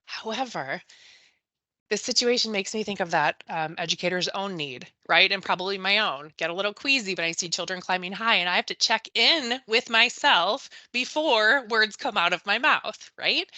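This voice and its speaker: A woman's voice: mid-range voice, bright, forceful tone, dry recording. A woman presenting a live webinar on early childhood education, who often tags her sentences with a questioning "right?" and talks to attendees by name. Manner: addresses attendees by name and reads the chat.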